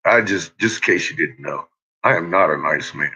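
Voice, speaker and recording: A man rambling casually in a home vlog, swearing a lot and laughing often, dropping to low mutters and rising to loud shouts. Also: moderate pace, husky. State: uses bottled oxygen. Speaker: vlogger. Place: at home with a dog. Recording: dull lo-fi home recording.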